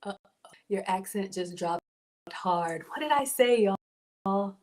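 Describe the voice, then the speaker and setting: A woman's voice: mid-range voice, animated, slow pace, a little mellow. A woman with a Southern US accent, chatting casually with her viewers as a home cook livestreamer. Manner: chatty, addresses viewers as y'all.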